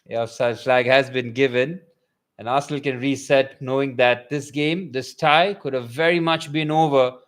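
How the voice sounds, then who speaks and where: Swinging from steady play-by-play to loud, excited bursts, a young man commentates a match live for fans watching along. His voice is mid-range and his pace moderate.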